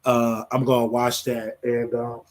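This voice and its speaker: With a mid-range voice and a measured pace, this show host keeps his pitch fairly flat. He talks casually and solo to the people watching, saying things more than once and addressing them as y'all.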